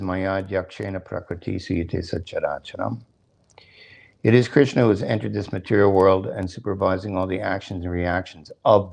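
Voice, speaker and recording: An older man giving a sermon at a temple, explaining scripture, chanting verses and asking his listeners questions, with a joke and a chuckle now and then. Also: fairly low pitch. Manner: jokes, chuckles between points. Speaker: temple speaker.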